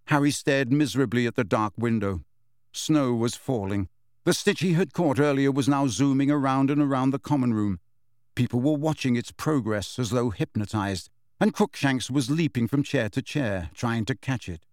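Man reading a novel aloud, steady and measured, dead dry studio sound. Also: mid-range voice, dry recording. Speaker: audiobook narrator. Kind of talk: scripted narration.

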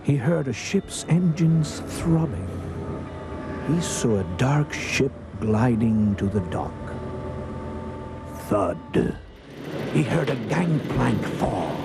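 A man reading a children's storybook aloud, expressive with dramatic pauses. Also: medium pitch, gravelly. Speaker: narrator.

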